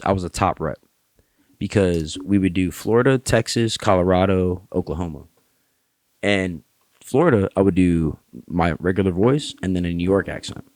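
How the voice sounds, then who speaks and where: A man's voice: sits low, darkish tone, dry recording. A man guesting on a podcast, telling stories in a brash, profane, casual way. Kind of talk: casual chat. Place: podcast studio.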